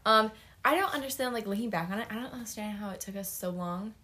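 A woman's voice: medium pitch, quick pace, sharp tone. A young woman co-hosting a podcast in casual chat, rambling with lots of fillers and giggles. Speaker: podcast co-host.

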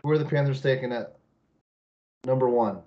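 Male podcast host, middle pitch, rambling casual chat, slightly dull lo-fi mic. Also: moderate pace, dark tone. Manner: rambling, with many fillers and laughs.

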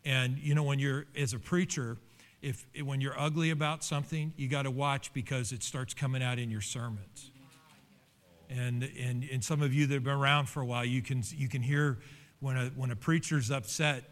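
Animated middle-aged man preaching a sermon. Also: normal speed. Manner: animated preaching with pitch leaps and personal storytelling. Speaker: pastor.

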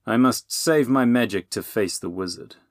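A man voicing a scheming male sorcerer who speaks in a slow, silky, greasy way. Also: mid-range voice, no room sound, clean studio sound, voice pushed up, lightly acted. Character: oily scheming male sorcerer, smooth and sinister.

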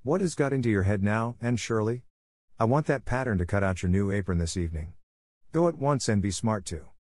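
Man reading strict old spinster, curt, scolding, low voice, storybook reading. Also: lively intonation, brisk, darkish tone, dry recording, clean studio sound, lightly acted. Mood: impatient. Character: stern practical older spinster.

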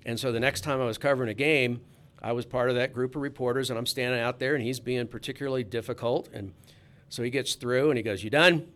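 A sports reporter with a medium-pitched, fairly even voice talks fast as he tells a casual sports anecdote. He is a chatty storyteller who frequently restarts his sentences.

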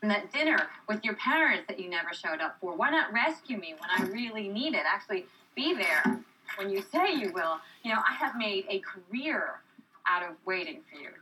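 A woman's voice: medium pitch, animated, moderate pace, bright, forceful tone, slightly rough. An actress playing a self-assured, stubborn woman scientist who coaxes and reproaches her partner, heard as film audio from a distance. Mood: reproachful.

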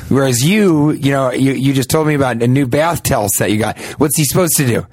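A man's voice: medium pitch, a little fast, few pauses, a little mellow, dry recording. Comic podcast co-host, male, rambling storyteller with mocking asides, dry close sound. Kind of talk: casual comedic banter.

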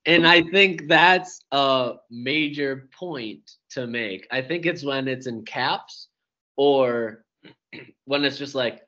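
A man's voice: mid-range voice, slow, pushed and bright. A young man chatting as a podcast guest, joking around and trying silly accents. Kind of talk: casual chat. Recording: dull lo-fi podcast audio.

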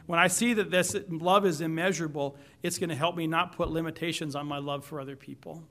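A middle-aged man delivers a sermon from the pulpit, his voice sitting a little high for a man. He speaks earnestly, pressing hard on key words before settling back to a softer tone. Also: steady tone, fairly quick. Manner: earnest, emphatic preaching with rising and falling intensity. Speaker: pastor.

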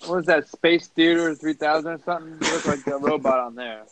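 A man co-hosting a casual sports podcast, halting and repeating words as he talks. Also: fairly high pitch, a loud crowd, low-quality recording.

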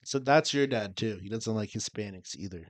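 A man's voice: fairly low pitch, moderate pace, no room sound. A young man co-hosting a podcast, telling a story in casual chat with lots of swearing and acted-out quotes. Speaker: podcast co-host.

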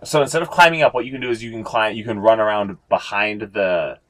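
A man with a fairly low voice running a tabletop game as game master. He narrates loosely, with plenty of "like" and "uh" and the odd curse. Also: quick pace, fairly bright tone. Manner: rambling, filler-heavy, swears casually.

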